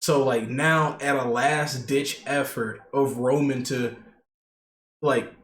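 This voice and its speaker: In a steady, slightly bright mid-range voice, a male co-host talks slowly through casual wrestling chat on a podcast. He rambles, with lots of fillers and restarts. The room is echoey, and faint noise sits underneath.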